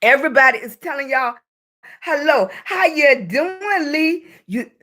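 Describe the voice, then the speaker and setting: A Southern US woman hosts a casual livestream, talking slowly into a phone or webcam mic in a high, bright-toned, animated voice. She greets each new viewer by name and calls them baby.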